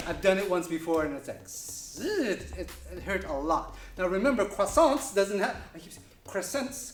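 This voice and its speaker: A man's voice: sits high, fairly bright tone, a little hiss or hum. A man teaching kung fu kicks in a casual, joking way, with many fillers and restarts. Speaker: kung fu instructor. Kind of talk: casual demonstration lesson. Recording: echoey room.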